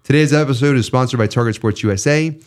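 A man's voice: medium pitch, quick pace. A man hosting a casual podcast, ranting with lots of swearing, then reading sponsor ads. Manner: ranting, profane, animated. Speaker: podcast host. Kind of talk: casual podcast chat and ad reads.

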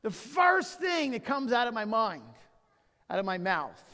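A man's voice: extremely high pitch, very animated, measured pace, sharp tone. A man preaching a sermon as pastor, emphatic and full of rhetorical questions and personal stories. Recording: long church reverb.

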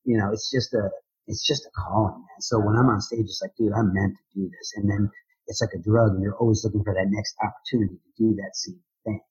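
A man being interviewed as a drummer and speaker, talking in an energetic, rambling way with many restarts. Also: lowish voice, fast talker, slightly rough, lo-fi sound. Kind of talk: casual interview chat.

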